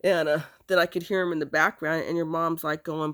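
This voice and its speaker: A woman recounting a painful personal memory, halting, with many fillers and restarts. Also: deep voice, level tone, a bit bright. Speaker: storyteller.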